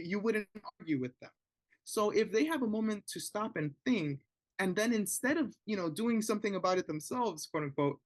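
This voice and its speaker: A man giving a conversational webinar talk to parents, often pausing to ask "right?" as a check-in. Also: high-pitched. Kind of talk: informal educational talk.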